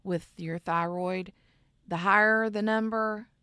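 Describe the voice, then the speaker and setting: A woman's voice: medium pitch, steady tone, slow pace, pushed and bright, smooth, no echo, clean studio sound. A woman hosting a casual craft livestream, chatting in a rambling way and reading out viewer comments. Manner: rambling, chatty, reads chat aloud. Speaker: craft channel host.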